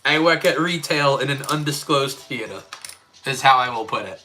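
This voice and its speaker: A man's voice: medium pitch, expressive, moderate pace, sharp tone. A man with an Australian accent chatting casually on a live stream while building Lego and reading chat, rambling with many fillers.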